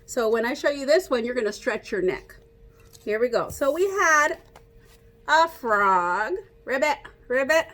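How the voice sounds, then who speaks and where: A woman reads a picture book to children, animated and playful. Her voice sits a little high and rings bright. She keeps coaxing her young listeners to join in. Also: unhurried. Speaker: children's storyteller. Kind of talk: read-aloud for children with call-and-response.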